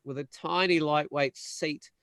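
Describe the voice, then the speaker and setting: A young man telling a long, animated story in casual chat, acting out the other people's voices. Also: a little high, no echo. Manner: animated storyteller, acts out quoted voices, quick bursts. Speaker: panel guest.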